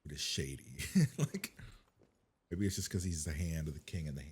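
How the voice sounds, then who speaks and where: A man's voice: a bass voice, very animated, normal speed, darkish tone, slightly rough. A man reacting to a TV episode for the first time, blunt and profane, firing incredulous questions at the screen. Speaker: reaction host.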